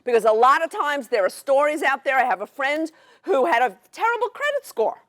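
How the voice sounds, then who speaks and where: A middle-aged woman with a Brooklyn accent, giving an excited, fast-paced educational presentation to a workshop audience. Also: sits high. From New York City. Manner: fast, excited, New York directness.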